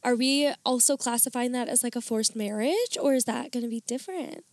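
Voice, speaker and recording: A woman's voice: on the high side, fairly quick, no echo. A young woman chatting casually about books, giggly and enthusiastic. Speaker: book talk co-host. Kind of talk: casual chat.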